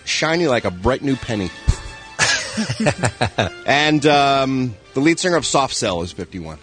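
A man hosting the entertainment news segment of a morning radio show, wisecracking and lively. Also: medium pitch, a little slow, faint music behind. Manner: wisecracking, lively, puts on voices in stories.

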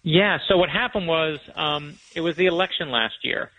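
A man's voice: on the high side, normal speed, highs cut off. A man guesting on a radio interview as an author, telling stories with self-deprecating humor. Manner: animated storyteller, self-deprecating.

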